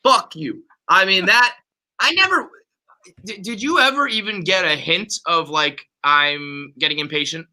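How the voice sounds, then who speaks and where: A man hosting a casual sports podcast, ranting profanely as an excited fan. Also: sits high, measured pace, poor audio. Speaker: podcast host.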